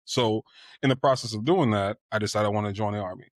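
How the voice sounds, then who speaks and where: A man's voice: fairly low pitch, fast talker, no room sound, studio quality. A man in his twenties telling a personal story candidly on a podcast, full of "you know" fillers. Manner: candid and reflective, with filler phrases. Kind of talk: casual storytelling.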